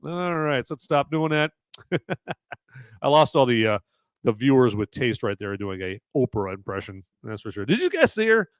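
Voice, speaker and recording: Rambling jokey man with lively pitch. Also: moderate pace, no echo, clean studio sound. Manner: rambling and jokey, with sudden loud shouty bursts. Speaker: podcast host. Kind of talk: live-stream movie review chat.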